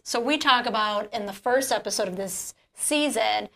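Casual woman podcast host, slightly high voice, animated storyteller with lots of "like" fillers. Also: moderate pace. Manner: animated, heavy use of "like", swears casually. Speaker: podcast host and jewelry business founder.

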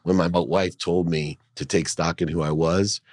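In an interview, a middle-aged entrepreneur and speaker with a very low, deep voice tells a personal story at normal speed, earnest and animated, even acting out his mother's voice in dialogue. He leans into the emotion and pushes his points hard. The sound is dry and close, with no room echo.

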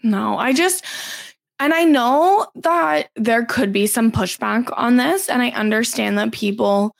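Podcast lady with a fry-heavy voice, kinda high, talks casual and opinionated, dry sound. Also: a little slow, no room sound. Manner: conversational, opinionated, uses "like" often. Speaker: podcast co-host. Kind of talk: casual chat.

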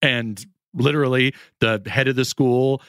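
Man, forties, guest on a chat show, rambling storyteller, mid-pitched voice, dry close sound. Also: measured pace, dry recording. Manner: rambling animated storytelling, acts out quoted voices. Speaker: podcast guest, actor. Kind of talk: casual chat.

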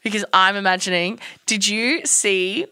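A woman's voice: medium pitch, unhurried, very noisy. A young adult woman co-hosting a podcast, talking in a blunt, jokey way. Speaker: podcast co-host. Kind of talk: casual chat.

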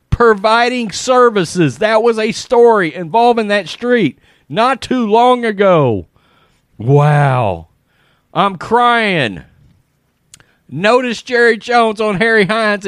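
A man giving casual, animated commentary, reading social media posts aloud with frequent laughs and exclamations. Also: high-pitched, no room sound, studio quality.

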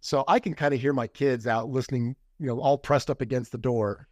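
A man's voice: mid-range voice, steady tone, a little fast, darkish tone, no echo, studio quality. A middle-aged man as a podcast guest, candidly telling a personal story in casual conversation and acting out the quoted lines. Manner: candid, acts out quoted dialogue.

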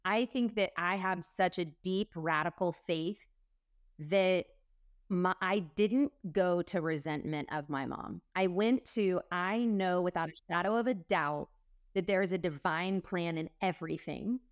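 A woman's voice: on the low side, measured pace, clear, resonant tone, no echo, clean studio sound. A woman guest in a conversation, telling a personal story earnestly, with a rush of quoted dialogue.

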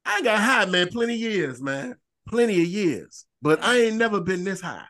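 A man co-hosting a podcast, telling a long profane story in animated, repetitive bursts. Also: high-pitched, moderate pace. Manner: profane, animated storyteller who repeats phrases. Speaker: podcast co-host. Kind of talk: casual storytelling chat.

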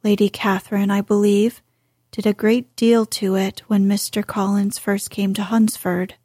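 A woman reading the lines of a reserved, proud young gentleman in a formal, measured way, in an audiobook. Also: mid-range voice, little pitch movement, slightly rough, dry recording, studio quality, close to an everyday voice.

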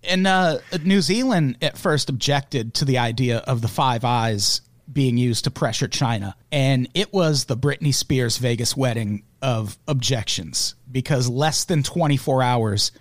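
A man's voice: medium pitch, unhurried, hardly any pauses, no room sound. A man hosting a casual comedic news podcast, sarcastic and profane, laughing as he talks. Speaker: podcast host.

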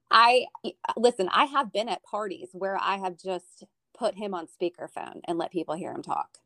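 A woman originally from Florida, appearing as a guest in Northern Virginia, chats casually and tells family stories, often restarting her sentences. Her mid-range voice is unhurried and a bit bright, recorded with no room sound.

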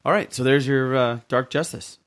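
A man's voice: mid-range voice, moderate pace. A man hosting a podcast, joking with his co-hosts and steering the segments in casual chat. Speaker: podcast host.

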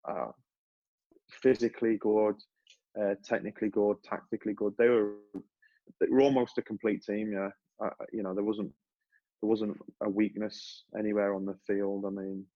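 A man's voice: lowish voice, normal speed, no room sound, highs cut off. A man, a former footballer, talking casually as a podcast guest, telling stories with many restarts. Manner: relaxed storytelling with many restarts.

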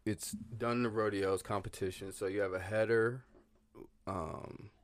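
Low-voiced man telling profane stories. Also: fairly even intonation, unhurried. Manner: loose and profane, with many fillers and laughs. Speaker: podcast guest. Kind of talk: casual storytelling.

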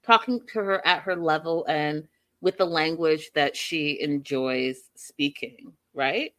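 Woman, gossipy recap vlogger, lowish voice, bright and forceful, animated storytelling. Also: slow.

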